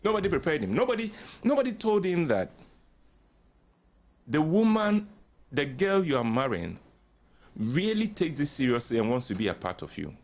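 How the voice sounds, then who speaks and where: Animated older Ghanaian man, lively pitch. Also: normal speed, pauses often. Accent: Ghanaian English. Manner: animated storyteller acting out quoted voices, chuckling often. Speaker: radio guest speaker. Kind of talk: relaxed counselling talk on a radio show.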